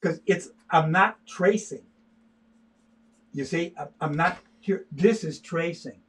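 A man's voice: fairly high pitch, takes it slowly, fairly bright tone, slight background noise. An older man, an artist, chatting casually during a livestream as he sketches, talking in a stop-start way with many repeated words. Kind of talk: casual livestream chat while drawing.

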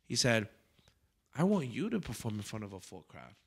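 A man's voice: on the low side, moderate pace, creaky, husky. A man hosting a comedy podcast, telling a story in a casual, profane way and acting out other people's quotes as he goes. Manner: profane, animated anecdote-telling with acted-out quotes. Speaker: comedian host.

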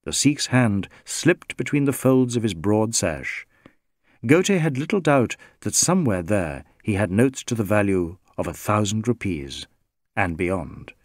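A man reading a novel aloud as narrator, in measured, expressive storytelling. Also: on the low side, dry recording, clean studio sound. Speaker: audiobook narrator. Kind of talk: scripted narration.

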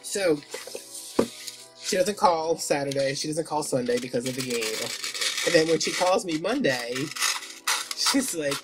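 A man's voice: a little high, animated, a little slow, long pauses. A man vlogging at home who tells a rambling story in a casual, chatty way, often trailing off and restarting. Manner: chatty and easily distracted, with lots of restarts. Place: home, wrapping presents. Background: Christmas music.

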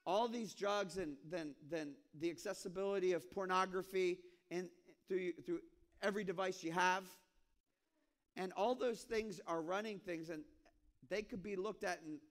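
A man preaching a sermon as pastor, telling stories in an animated way and acting out voices with sudden high squeaks. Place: church sanctuary.

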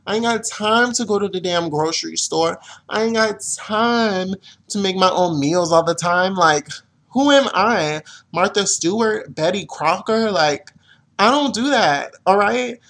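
A man's voice: high-pitched, fairly bright tone. A young man venting to camera in an exasperated, profane rant, complaining as a vlogger. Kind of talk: ranting to camera.

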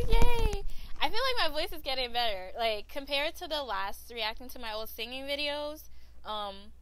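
A woman's voice: on the high side, fairly bright tone. A young woman chatting casually as she reacts to her old videos, filling her talk with "like" and cheering herself on. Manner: chatty, fills every sentence with "like", cheers herself on.

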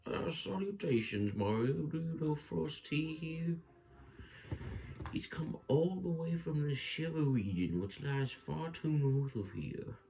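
A man voicing a formal old male mushroom-person in a game, speaking slowly in a reedy, raised voice. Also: fairly high pitch, vocal fry, dark tone, voice pushed up.

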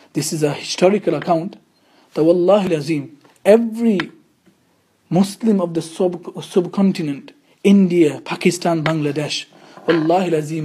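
A man's voice: on the high side, dark tone, a little hiss or hum. A man teaching a religious lesson, telling the story in an earnest way and pressing his points with emphatic rhetorical questions. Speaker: Islamic studies teacher.

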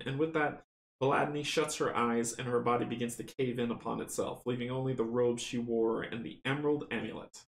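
A man casually running a board game playthrough, chatty and excitable, counting dice rolls aloud. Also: mid-range voice, fairly quick. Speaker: tabletop game runner and player. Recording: roomy echo, faint noise.

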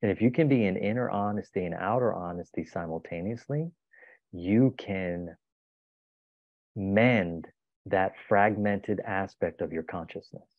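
A man speaking emphatically in a lowish voice, giving a motivational self-help talk full of stories. The audio is tinny and phone-like, with no room echo. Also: measured pace. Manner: emphatic, storytelling with acted-out quotes. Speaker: guest. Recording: tinny phone-like dry sound.

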